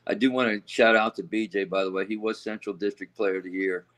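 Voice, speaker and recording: A man's voice: lowish voice, steady tone, fast. A middle-aged man, a former coach, speaking as a guest in a casual interview, hesitant and full of fillers. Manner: hesitant, many fillers, warm laughter.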